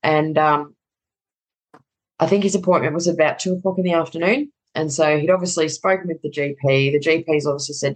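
A woman's voice: low-pitched, steady tone, brisk, rough recording. A middle-aged woman telling a personal story in conversation, candid and casually swearing, acting out the dialogue.

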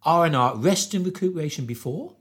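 A man's voice: fairly high pitch, fairly quick. A man from northeast England with a Geordie accent, telling travel stories as a podcast guest and laughing often. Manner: animated, laughs often, acts out quotes. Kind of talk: casual storytelling.

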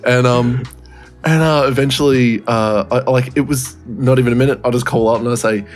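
A man's voice: mid-range voice, fairly even intonation, normal speed, soft background music. A man co-hosting a podcast, telling a story in casual chat, laughing often and swearing freely. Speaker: podcast co-host.

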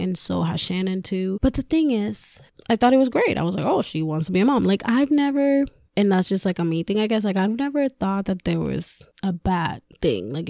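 A woman's voice: on the low side, gravelly, a little mellow, no room sound, clean studio sound. A woman hosting a podcast, a mother with a young daughter, ranting casually and candidly with frequent swearing and laughter. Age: adult with a school-age daughter. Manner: candid and profane, laughs often. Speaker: podcast host. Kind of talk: casual personal rant.

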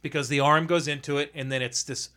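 A construction supervisor, a man with a fairly high-pitched voice, tells a work story in casual chat. He talks in an animated, exasperated way and swears freely as he goes. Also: quick pace. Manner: profane, exasperated, animated retelling.

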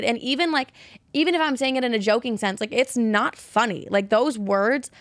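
A woman's voice: fairly high pitch, moderate pace, no room sound. Blunt, swearing young woman podcaster. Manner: blunt, profane, pep-talk tone. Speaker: podcast host. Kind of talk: casual monologue.

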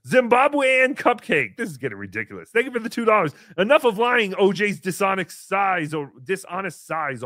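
A man's voice: high-pitched, fairly bright tone, no room sound, exaggerated voice. A man putting on a silly, self-pitying showman character who talks about himself in the third person in a melodramatic, whiny way on a comedic live stream. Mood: mock-sentimental. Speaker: livestream show host.

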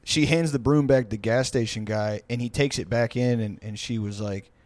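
A man's voice: medium pitch, fairly even intonation, moderate pace, darkish tone, dry recording. A man telling a story on a podcast, rambling and profane with many fillers. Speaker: podcast co-host. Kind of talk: casual storytelling.

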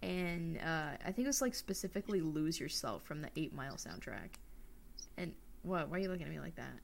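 A woman's voice: sits low, fairly quick, vocal fry. Giggly young woman telling stories. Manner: giggly, animated storytelling with swearing. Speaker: podcast co-host. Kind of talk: casual chat.

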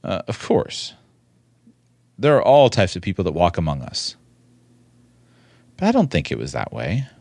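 A man giving spoken commentary in a measured, earnest way, repeating words for emphasis. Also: low-pitched, wildly swooping pitch, gravelly, a little mellow, no echo.

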